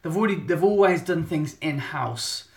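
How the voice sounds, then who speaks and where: Guy in his thirties, casual live-stream host, slightly high voice, roomy phone sound. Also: lively intonation, normal speed. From England. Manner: chatty, rambling, self-interrupting. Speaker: photographer giving a monthly live update. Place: indoor room at home. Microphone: phone at arm's length. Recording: echoey room on phone.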